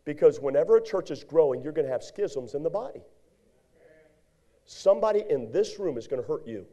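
A man preaching a lively sermon with a warm, mellow tone. His pitch leaps and falls all over the place as he acts out little scenes for the congregation. At his peaks he shouts. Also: brisk. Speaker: pastor.

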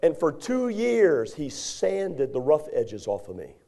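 Brief: male preacher with a high voice, folksy and animated as he tells a story from the pulpit. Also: takes it slowly, creaky. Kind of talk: sermon with a personal story.

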